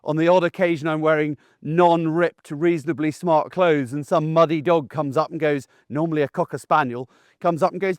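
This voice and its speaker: A man, a dog trainer giving a casual, animated lesson outdoors while acting out voices. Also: fairly high pitch, fairly quick, dry recording, clean studio sound. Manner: chatty and animated, acts out the dog's and owner's voices. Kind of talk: casual instructional talk.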